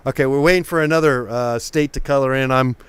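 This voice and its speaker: A man's voice: medium pitch, steady tone, fast talker, clean tone, no echo. Rambling man host, a few drinks in. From Oakland, California. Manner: rambling, stumbling over words, restarts. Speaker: live-stream painting host. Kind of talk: casual live-stream chat.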